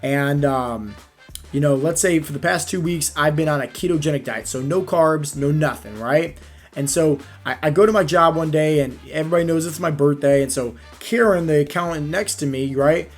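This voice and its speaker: A man speaking as a fat-loss coach in a casual motivational talk, energetic and storytelling, often checking in with the listener. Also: on the high side, normal speed, soft background music.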